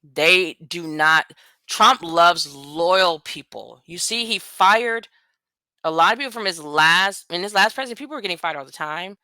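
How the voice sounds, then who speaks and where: With a voice on the low side, expressive, bright and forceful, and no echo, a US woman vlogger talks straight to camera. Her casual political commentary comes out as a blunt, profane, rambling rant with quick asides.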